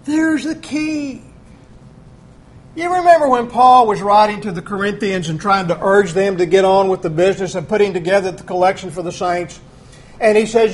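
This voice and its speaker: A man's voice: sits high, expressive, moderate pace, pauses often. A male preacher giving a conversational Bible-teaching sermon in a folksy way, often acting out quoted voices.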